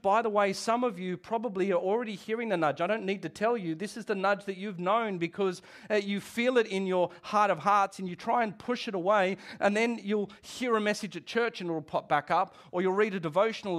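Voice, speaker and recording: A middle-aged pastor delivers a sermon in a lively, conversational way. His voice sits high for a man, and he breaks off into asides and restarts as he speaks.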